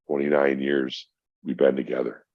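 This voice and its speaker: Extremely low and level in tone, this middle-aged man speaks at an ordinary pace while sharing a personal story on a podcast. He's profane and emphatic, keeps addressing the host as bro, and the audio sounds dry and dull, with a lo-fi quality.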